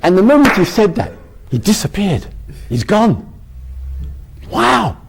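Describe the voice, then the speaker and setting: Husky, rambling spiritual teacher. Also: male voice, high voice, big pitch swings, unhurried. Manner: rambling, laughing, many restarts. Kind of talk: casual spiritual talk.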